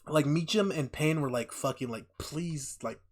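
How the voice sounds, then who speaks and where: Profane, animated male podcast co-host. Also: on the high side, moderate pace. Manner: profane, animated retelling with acted-out quotes. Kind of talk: casual chat recapping a TV show.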